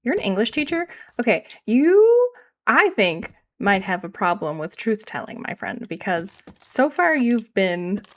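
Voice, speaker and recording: A woman's voice: mid-range voice, big pitch swings, moderate pace, few pauses, fairly bright tone. Chatty Canadian woman streaming a game. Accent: regional Canadian. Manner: rambling, self-deprecating, answers chat. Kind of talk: casual live-stream chat while gaming.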